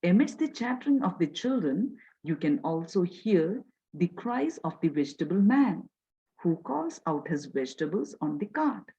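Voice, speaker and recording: A woman teacher with an Indian English accent, explaining a children's lesson in a lively storytelling manner. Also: on the low side, moderate pace, husky. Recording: dull lo-fi audio.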